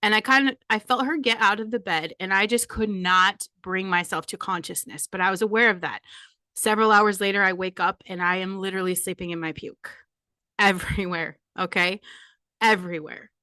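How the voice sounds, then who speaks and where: A woman's voice: medium pitch, moderate pace, sharp tone, no echo. A woman in her forties hosting a podcast, making a candid personal confession while holding back tears. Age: 40s. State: close to tears. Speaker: podcast host.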